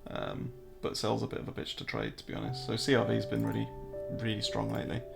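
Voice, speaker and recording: A man's voice: lowish voice, monotone, quick pace, gravelly, loud music behind the voice. An English man hosting a casual live-stream, joking, answering viewer chat and walking through trading charts. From England.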